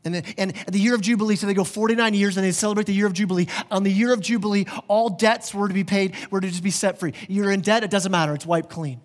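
Male pastor mid-sermon with a high-set voice; lively, restarts words often, addresses the congregation directly. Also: fast, few pauses. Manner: animated, stumbles and repeats words, talks straight to the congregation. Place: church.

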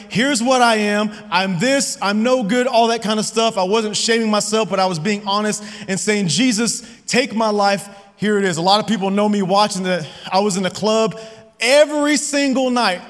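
A high-pitched, fairly bright voice belongs to a man in his thirties, a pastor giving a chatty, personal sermon. He frequently turns to the crowd with "right?", and the recording carries long hall reverb.

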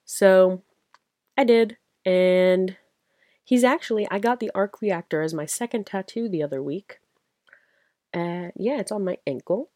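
A woman's voice: medium pitch, measured pace, darkish tone, no room sound, clean studio sound. A young woman hosting her own podcast, chatting casually and rambling with giggles and enthusiasm, tired late at night. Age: young adult. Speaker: podcast host. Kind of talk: casual solo fan chat.

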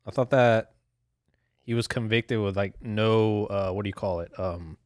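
A man's voice: lowish voice, a little slow, darkish tone, clear, resonant tone, no room sound. A young man talks straight into a close podcast mic, and the sound is dry with almost no room. His solo rant is casual and full of swearing. He rambles from point to point and laughs at himself along the way. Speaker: podcast host.

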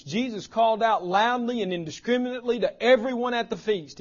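A man preaching a sermon as pastor, impassioned, his voice swinging from loud declarations to hushed lines. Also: very high-pitched, lively intonation, moderate pace, hardly any pauses, highs cut off.

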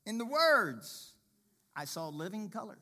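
A man telling a personal faith testimony in a sermon, shifting between quiet murmurs and loud, excited exclaiming. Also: a little slow. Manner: animated storyteller, swings from low murmurs to loud exclaiming.

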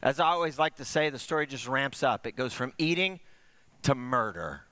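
A male pastor preaching a sermon, telling stories with animated swings between raised and hushed delivery. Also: moderate pace, dry recording. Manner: animated storytelling, swooping between high and hushed.

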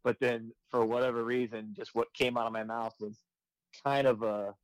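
A man in his twenties, a firefighter and comedy video creator, chatting casually and breaking into loud quoted voices as he tells stories. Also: medium pitch, moderate pace, dry recording, rough recording. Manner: animated storytelling, jumps into loud quoted voices. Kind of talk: casual podcast chat.

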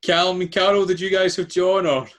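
A man's voice: high voice, little pitch movement, fairly quick, fairly bright tone. A Scottish man hosting a casual quiz, chatty and self-deprecating, laughing often as he reads out questions. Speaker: quiz host.

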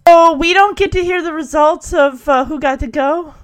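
A woman giving a casual, animated recap of a TV episode, laughing as she acts out the characters. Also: high-pitched, normal speed. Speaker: show recap host.

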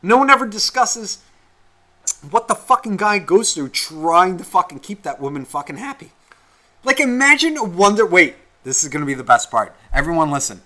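A young man with a fairly high voice rants on a casual podcast. He curses constantly and circles back on his points. His tone stays bright and punchy throughout. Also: big pitch swings, normal speed. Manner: profane, heated and rambling. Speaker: podcast co-host.

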